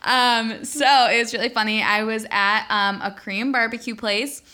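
A woman's voice: on the high side, fairly even intonation, normal speed, sharp tone. A young woman co-hosting a podcast in casual chat, blunt, swearing freely and laughing easily. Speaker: podcast co-host.

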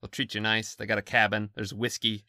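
A man's voice: fairly low pitch, flat delivery, brisk, gravelly, bright, forceful tone, no echo, studio quality. A man co-hosting a podcast, chatting casually with frequent laughs and mock complaints. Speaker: podcast co-host.

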